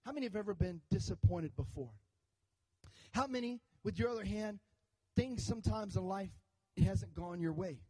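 A man's voice: high voice, moderate pace, low-quality recording. A man preaching a sermon to his church, telling a story with jokes and calls for the congregation to answer. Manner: animated storytelling with jokes and audience call-outs. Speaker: pastor.

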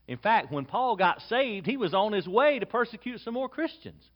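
A male pastor delivers an expository sermon in a casual, talky manner. His voice sits a little higher than most men's. He reads scripture aloud and prays in a low, soft tone. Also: very animated, moderate pace. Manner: soft, hushed prayer.

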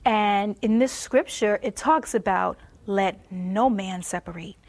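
A woman's voice: mid-range voice, slow. Woman giving a testimony, drops to near-whispers. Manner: laughs often, drops to a soft near-whisper for emphasis. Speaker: Christian speaker on marriage. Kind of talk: personal testimony sermon.

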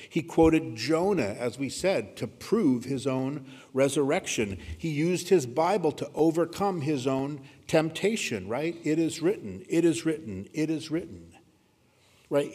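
A man preaching a sermon, earnest, dropping to a hushed voice when he quotes scripture. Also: on the high side, husky. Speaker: pastor. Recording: reverberant hall.

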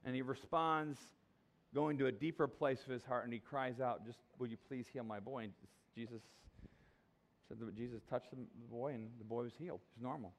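A man's voice: mid-range voice, normal speed, gravelly. A middle-aged man preaching a sermon in a conversational way, often restarting his sentences and acting out the voices of people in the story. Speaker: pastor.

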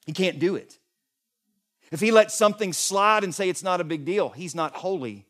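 A middle-aged male pastor delivering a sermon in a fairly high voice. He is impassioned, rising to loud, emphatic peaks and dropping to soft, hushed lines. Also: moderate pace.

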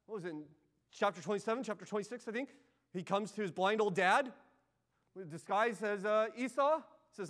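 A man preaching a sermon as pastor, moving between loud pleading passages and hushed, intimate ones. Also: high-pitched, moderate pace.

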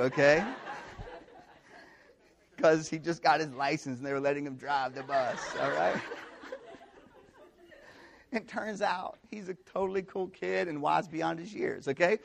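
A young man preaching a conversational sermon to students, with animated storytelling and frequent rhetorical check-ins. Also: a little high, measured pace, vocal fry, pauses often. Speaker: campus pastor.

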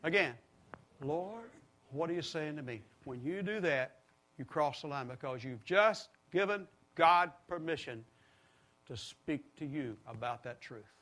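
A man's voice: fairly high pitch, animated, unhurried, fairly bright tone. A middle-aged man preaching a sermon, leading the congregation in call-and-response. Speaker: pastor.

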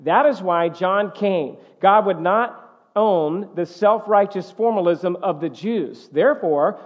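Man, pastor, sermon, high voice, emphatic repetition, long echo, dull muffled audio. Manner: emphatic, repetitive preaching cadence. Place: church sanctuary.

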